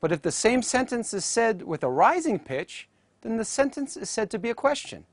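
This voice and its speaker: Deliberate, lively-pitched phonetics teacher narrating. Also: dry recording. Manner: careful, deliberate delivery with sounds spoken out as models. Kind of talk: scripted educational narration.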